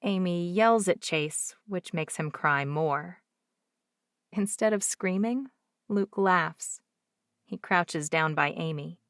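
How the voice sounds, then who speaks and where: A woman narrates a first-person romance audiobook in an expressive, lively way. Her voice is somewhat low, and the sound is dry and close to the mic, with no room echo. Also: slow.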